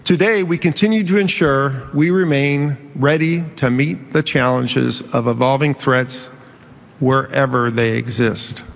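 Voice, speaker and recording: Gravelly official in a reverberant hall. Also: male voice, mid-range voice, a little slow. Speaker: government official. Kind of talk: formal speech.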